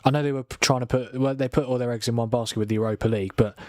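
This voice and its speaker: A man's voice: medium pitch, steady tone, rapid-fire, a little mellow, dry recording. Chatty young man streaming football. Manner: chatty, swears, laughs, reads out viewer chat. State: tired from a long night of watching. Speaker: watchalong streamer. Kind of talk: casual live-stream football chat.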